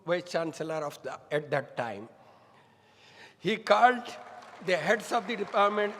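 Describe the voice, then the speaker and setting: A middle-aged man giving a formal welcome speech as a medical college director, measured and full of honorifics. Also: high-pitched. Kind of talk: formal ceremonial address. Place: large hall. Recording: long hall reverb.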